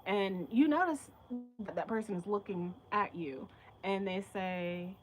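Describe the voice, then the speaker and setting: A woman tarot reader chatting casually on a live stream, telling blunt, profane stories and acting out other people's lines in a higher voice. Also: measured pace, faint music behind, poor audio. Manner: candid storytelling, swears freely, acts out quotes in a higher voice.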